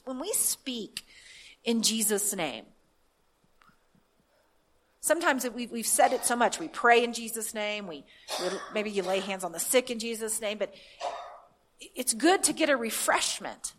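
A woman's voice: a little high, lively intonation, measured pace, pauses often, a little hiss or hum. A woman pastor reading scripture aloud and preaching a sermon, building to fervent declarations. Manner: reads scripture aloud then preaches with rising fervor.

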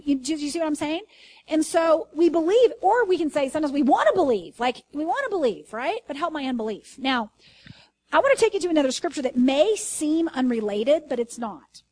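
A woman teaching a sermon in an earnest, conversational way, asking her listeners questions and reading scripture slowly with emphasis. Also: high-pitched, darkish tone. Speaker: Bible teacher.

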